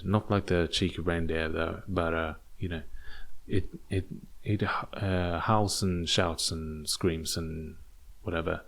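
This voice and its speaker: A young man from England with a British accent that slips into American, rambling and joking through a solo podcast with many restarts. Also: low voice. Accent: British English with American slips. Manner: rambling, jokey, stammering restarts. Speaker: podcast host.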